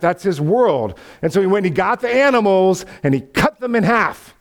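A male pastor preaching with a lively, swooping pitch that rises and falls across his sentences. His voice sits a touch higher than most men's. He tells the story with animation and acts out the voices of the people in it. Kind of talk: sermon.

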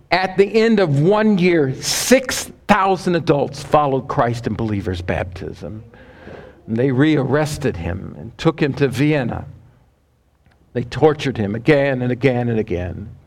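A male preacher delivers a sermon, telling a story dramatically and often dropping to a hushed, low voice.

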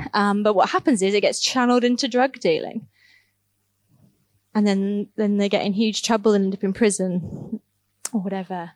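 A woman's voice: medium pitch, darkish tone, no room sound. A woman, a youth ministry worker, telling casual, earnest stories in a church talk, laughing now and then and often saying "like". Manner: casual, earnest, laughs at her own stories, many fillers like "like". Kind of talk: church talk, personal storytelling.

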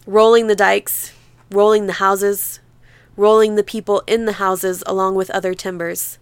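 Smooth-voiced woman reading a novel. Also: mid-range voice, little pitch movement, dry recording. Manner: measured, vivid literary reading. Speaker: audiobook narrator. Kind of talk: scripted narration.

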